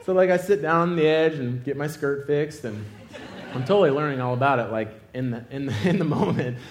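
A man's voice: a little high, fairly quick, echoey room, a little hiss or hum. A young man preaching, telling a funny personal story with lots of laughter before turning it to a lesson. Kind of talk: sermon with comic personal story.

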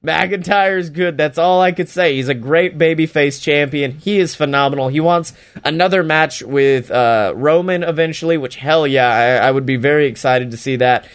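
A man's voice: on the high side, normal speed, clean tone. A man casually recapping a wrestling show, profane and sarcastic, often slipping into mocking voices.

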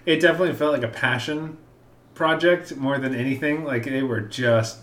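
A man co-hosting a casual movie review podcast, relaxed and wry, laughing often. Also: medium pitch, moderate pace, echoey room. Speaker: podcast co-host.

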